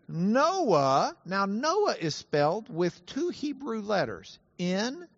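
A man teaching a Bible lesson to an audience, animated and playful, spelling out Hebrew words slowly. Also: on the high side, dry recording, highs cut off. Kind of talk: lively teaching talk to an audience.

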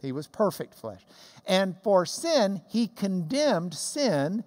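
An emphatic Bible teacher explains the text in an unhurried sermon, the voice rising and falling in a very lively way. A long hall reverb trails every phrase. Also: mid-range voice.

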